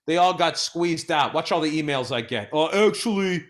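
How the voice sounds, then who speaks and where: A man's voice: a little high, moderate pace. A man co-hosting a comedy podcast in profane, sarcastic casual chat. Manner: sarcastic, profane, loud impressions. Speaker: podcast co-host.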